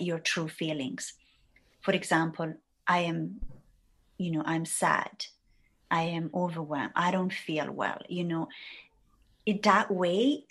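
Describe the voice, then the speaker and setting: A woman's voice: fairly low pitch, fairly bright tone. A woman talking casually and reflectively about emotions and words, rambling with many fillers. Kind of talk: casual conversation.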